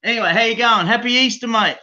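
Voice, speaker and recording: Brief: loud, profane Australian bloke calling in, bright high voice, muffled line. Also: male voice, fast talker. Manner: rowdy, profane, rambling, says mate constantly. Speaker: call-in guest. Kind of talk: crude casual banter.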